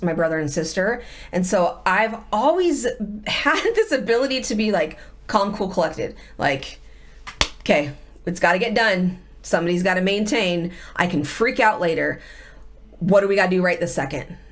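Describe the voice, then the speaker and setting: A middle-aged woman, a guest and the host's wife, telling a personal story in candid conversation and acting out the voices of people she quotes. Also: mid-range voice. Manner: animated, acts out quoted voices.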